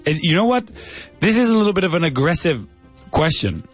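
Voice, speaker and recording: A man's voice: a little high, sing-song, fairly quick, breathy edge, faint music behind. A man co-hosting an English lesson, explaining phrases in a friendly, casual way with frequent restarts. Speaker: English teacher and co-host. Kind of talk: casual teaching chat.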